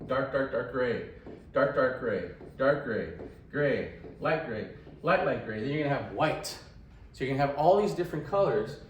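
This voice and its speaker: A man lectures on radiography in a relaxed, chatty way and keeps asking his listeners "right?". His voice sits at a middle pitch. The sound is roomy and slightly distant, with faint background noise. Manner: chatty, asks "right?" often. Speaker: radiography instructor. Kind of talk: casual classroom lecture.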